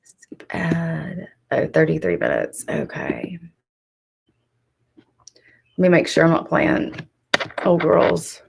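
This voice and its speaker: A woman's voice: sits low, huge pitch swings, slow, vocal fry, pauses often, husky. A woman hosting a live stream, gossiping and calling people out in casual chat. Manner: sassy, gossipy, talks straight to chat. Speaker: streamer host.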